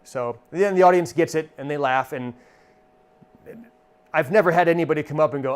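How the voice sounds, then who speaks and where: A stage entertainer and magician giving an instructional talk in a relaxed, conversational way, acting out comic one-liners as examples. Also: male voice, a little high, normal speed, long pauses, clean tone.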